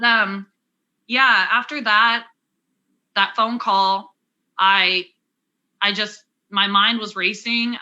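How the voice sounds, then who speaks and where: Young adult woman, interview guest, personal story, candid, conversational, lots of fillers, very bright voice. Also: mid-range voice, lo-fi sound. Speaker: interview guest, cancer survivor.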